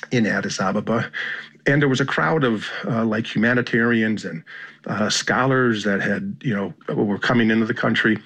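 Husky-voiced American man, measured. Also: fairly low pitch, fairly bright tone, lo-fi sound. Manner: measured, thoughtful, with frequent fillers and restarts. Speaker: journalist and author. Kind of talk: interview answers, reflective storytelling.

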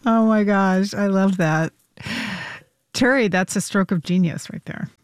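A woman's voice: mid-range voice, unhurried, clear, resonant tone, no room sound, studio quality. A woman hosting a radio interview, asking questions and giving short, enthusiastic reactions. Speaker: radio host.

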